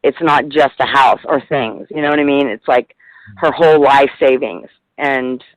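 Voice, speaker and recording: A woman's voice: a bass voice, normal speed, no room sound, low-quality recording. A middle-aged woman guest in a casual radio interview, talking in a rambling, heartfelt way with plenty of swearing.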